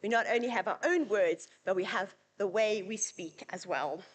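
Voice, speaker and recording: A woman's voice: medium pitch, normal speed. South African woman giving a conference talk. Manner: chatty, anecdotal, lightly humorous. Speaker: university presenter. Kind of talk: conference presentation with slides.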